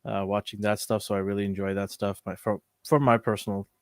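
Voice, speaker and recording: Brief: male co-host, casual and teasing, quick to laugh, dry recording. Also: fairly low pitch, flat delivery, dry recording. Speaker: podcast co-host. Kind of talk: casual chat.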